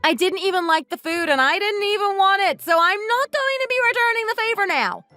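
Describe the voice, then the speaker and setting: A woman voicing a high, accusing wife. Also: lively intonation, fairly quick, sharp tone, no room sound, soft background music, full character voice. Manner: accusing, resentful, blunt. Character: bitter wife divorcing her uncaring husband. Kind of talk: text-message story dramatization.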